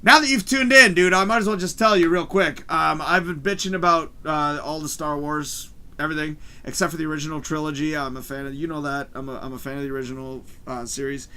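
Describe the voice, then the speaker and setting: A man hosting a live stream from his home, ranting excitedly about a show, swearing constantly and shouting at the big moments, his mic distorting when he gets loud. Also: on the high side, fast, few pauses, smooth. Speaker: livestream host. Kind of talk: excited live review rant. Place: home room, early morning.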